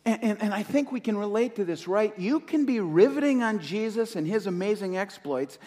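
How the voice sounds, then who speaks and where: A male pastor preaching with passion, his fairly high voice surging and then dropping low as he repeats his key lines. The sound carries a long reverb from the church hall around him. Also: expressive, darkish tone. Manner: impassioned, rising and falling with pauses, repeating key phrases. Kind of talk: sermon.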